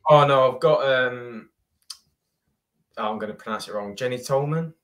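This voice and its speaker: British male guest, easygoing chatter, middle pitch, listy and laughing. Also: moderate pace, a bit bright. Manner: lists things loosely, giggly when telling stories. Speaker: podcast guest, racing driver. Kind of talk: casual chat.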